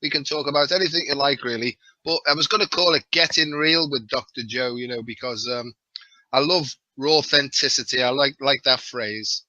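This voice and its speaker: This is a man from the Wirral with a clear Liverpool-area accent. He chats on a live show in a self-mocking, joking way and fills his speech with "you know". His voice is bright and close, and the audio is dull and lo-fi. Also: medium pitch, normal speed, no echo. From the Wirral, England. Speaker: guest. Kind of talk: casual live-stream chat.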